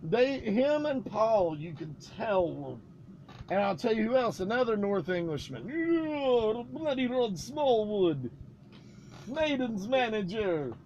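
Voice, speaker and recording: High, lively male co-host, rambling and excitable, swears a lot. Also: takes it slowly, muffled recording, slight background noise. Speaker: podcast co-host. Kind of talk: casual profane chat. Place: live stream setup.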